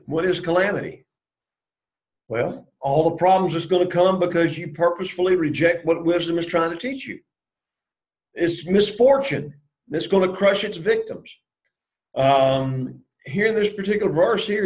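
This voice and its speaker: Man, Bible study teacher, slightly high voice, explains verse by verse, rhetorical questions. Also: rough recording. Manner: explains verse by verse, asks and answers his own questions.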